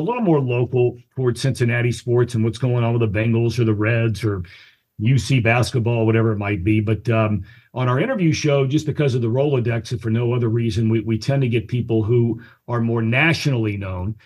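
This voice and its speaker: A man's voice: medium pitch, fairly quick, a little mellow. A man chatting as a guest on a podcast, a sports talk host himself, upbeat and self-deprecating. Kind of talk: casual interview chat.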